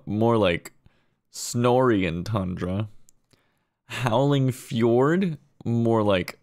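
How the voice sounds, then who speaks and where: Slow deadpan young man. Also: mid-range voice. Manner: deadpan, slow drawn-out delivery with quick mumbled asides. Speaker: comedy video creator. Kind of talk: deadpan comedic pun list.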